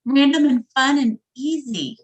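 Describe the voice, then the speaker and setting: Speaking as a guest in a casual interview, a woman who is a coaching client talks candidly and emotionally, laughing and sighing along the way. Her voice sits high and her pace is unhurried.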